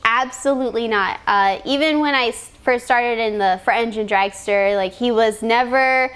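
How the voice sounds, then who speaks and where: A young woman, a drag racing driver, telling an excited story in an interview, laughing often and restarting her sentences. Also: a little high, normal speed, clean tone.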